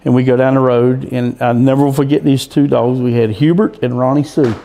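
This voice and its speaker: A man's voice: medium pitch, steady tone, fairly quick, warm tone. A man telling a rambling, folksy story as a guest in a casual interview, with frequent restarts. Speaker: guest, coon hunter.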